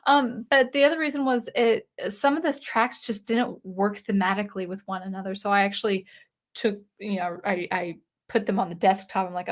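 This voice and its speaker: A woman hosting a casual livestream for a music channel, reading viewer comments and rambling with frequent restarts. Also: medium pitch.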